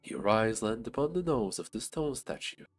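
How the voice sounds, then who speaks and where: A man's voice: lowish voice, animated, normal speed. A man streaming a game, reading its narration and making casual asides.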